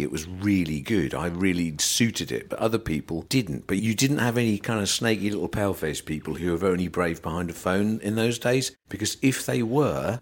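A middle-aged man with an English accent, telling old work stories on a podcast and acting out the voices of the people in them. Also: low-pitched. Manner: animated anecdotes, acts out voices. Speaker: podcast guest. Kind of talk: casual storytelling chat.

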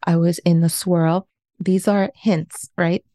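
A woman's voice: on the low side, little pitch movement, takes it slowly, mellow, dry recording, clean studio sound. A woman in her forties, a life coach, telling her own story in an interview in an earnest, confessional way. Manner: earnest, confessional, self-questioning.

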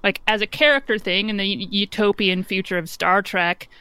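A woman's voice: mid-range voice, steady tone, normal speed, bright, forceful tone, clean tone, no echo. A woman from Indiana with a Midwestern American accent, giving thoughtful opinions in casual podcast chat.

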